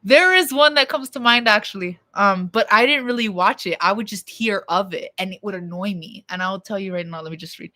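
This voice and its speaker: A young woman rambles to her viewers from home in a loose, off-the-cuff chat. She speaks at an ordinary middle pitch, with blunt opinions and casual swearing. Her tone stays unpolished and conversational. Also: a little fast, hardly any pauses, bright, forceful tone. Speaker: vlogger.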